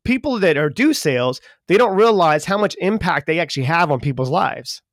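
A man from Charleston, co-hosting a podcast in casual chat; he talks fast and folksy, with jokes. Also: on the high side, no room sound, clean studio sound. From Charleston, South Carolina, US. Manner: talks fast when excited, folksy and joking. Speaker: podcast co-host.

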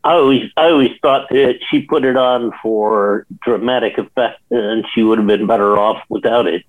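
Man, interview clip, plain and measured, phone-quality audio. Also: on the low side, steady tone. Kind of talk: recorded interview. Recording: tinny phone-like line.

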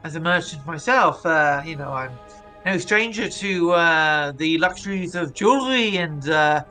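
Brief: a man doing a slow, high, stilted businessman who hedges every word. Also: expressive, bright, forceful tone, faint music behind. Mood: evasive. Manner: halting and formal, full of hesitations. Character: pompous male merchant with shady motives.

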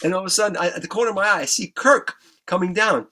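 Animated, cursing man telling a story. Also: high voice, very fast, a little hiss or hum. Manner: animated storyteller, stumbling restarts, acts out voices. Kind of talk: casual anecdote, heavy swearing.

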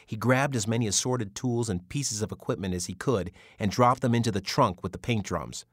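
Deep-voiced male audiobook narrator. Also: brisk, no echo, clean studio sound. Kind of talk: scripted narration.

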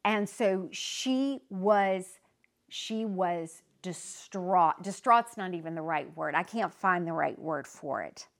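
Slow, low-voiced woman teaching faith. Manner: earnest, conversational, reflective. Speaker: podcast host. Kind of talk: faith-based teaching talk.

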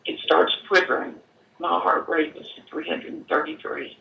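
A woman giving an earnest personal testimony, halting and at times choked up, in an echoey room away from the mic. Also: low-pitched, level tone, vocal fry, distant mic, dull audio. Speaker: guest telling her story.

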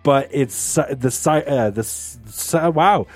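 A man's voice: mid-range voice, slow pace, faint music behind. A man co-hosting a podcast in casual chat, joking and laughing often. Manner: animated, laughs often, jokey asides. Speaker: podcast co-host.

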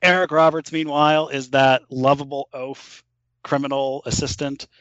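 A man joining a casual podcast as a guest, wry and measured. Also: mid-range voice, flat delivery, fairly bright tone, dry recording, dull audio.

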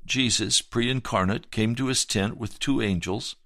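A man's voice: mid-range voice, measured pace, sharp tone, no room sound, clean studio sound. A male pastor telling his personal testimony in a sermon, earnest and storytelling, with dramatic swells.

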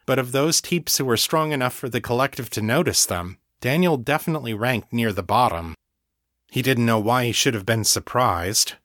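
A man narrating fiction in an unhurried, expressive storytelling manner. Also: mid-range voice, no echo, clean studio sound. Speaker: audiobook narrator.

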